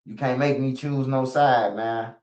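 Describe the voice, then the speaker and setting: A man's voice: medium pitch, fairly even intonation, measured pace, a little mellow. A man hosting a casual livestream, talking loosely and swearing often. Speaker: streamer. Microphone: streaming setup. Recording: slightly dull lo-fi stream audio.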